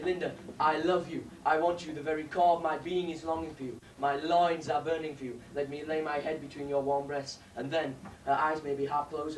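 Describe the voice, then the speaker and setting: A teenage boy acts out an eager, well-spoken young man with a posh-sounding voice, a little higher than the average male voice. The stage play is caught from afar in an echoing hall, with faint noise. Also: natural voice. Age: teens. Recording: echoey hall from far off.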